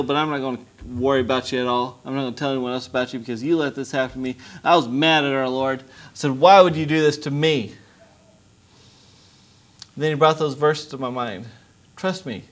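Male preacher, young adult, mid-pitched, testimony sermon, pleading intensity. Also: fairly quick. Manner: impassioned, rising to loud pleading. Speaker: missionary preacher.

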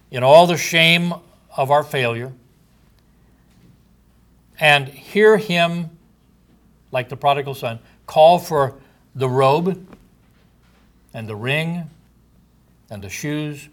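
A man, likely older, delivering a sermon slowly and deliberately, letting his phrases trail off softly at the ends. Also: on the high side. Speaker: preacher.

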